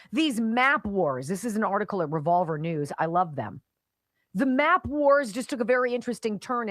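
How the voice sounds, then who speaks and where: A woman's voice: medium pitch, no room sound. A middle-aged woman hosting a talk radio show, delivering an opinionated monologue with sarcastic, punchy asides.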